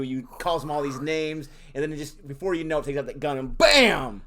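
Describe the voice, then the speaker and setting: A man co-hosting a casual review chat, recapping scenes in a measured way and acting out quotes. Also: fairly high pitch, animated, bright, forceful tone. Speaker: co-host reviewing a series.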